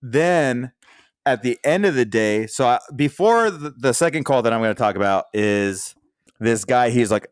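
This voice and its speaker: Lively man telling crude stories. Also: mid-range voice, normal speed, no room sound, studio quality. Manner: animated storytelling, acts out callers' lines; frequent laughter. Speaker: podcast co-host. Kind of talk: crude casual chat.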